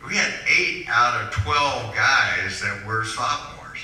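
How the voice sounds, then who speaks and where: A man's voice: mid-range voice, slow pace, pushed and bright. Older man, rambling speech in echoey hall. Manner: rambling, self-deprecating, anecdotal. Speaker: hall of fame inductee giving a speech. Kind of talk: storytelling acceptance speech. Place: school hall. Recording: echoey hall, mic far off.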